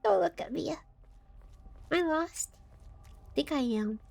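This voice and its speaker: Lively high-voiced woman streamer. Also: unhurried, gravelly. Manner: chatty, scattered, giggly, reads chat aloud. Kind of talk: casual live game commentary.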